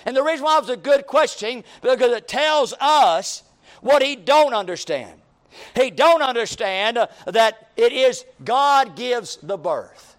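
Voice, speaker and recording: A man's voice: very high voice, animated, a little slow. A man preaching a sermon as pastor, driving his points home with repeated questions and rising emphasis.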